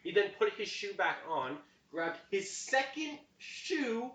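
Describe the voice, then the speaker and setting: Lively young man telling a rant. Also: high-pitched, slow pace. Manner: animated storyteller, ranting. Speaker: podcast co-host. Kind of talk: casual chat. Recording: echoey room, distant muffled mic.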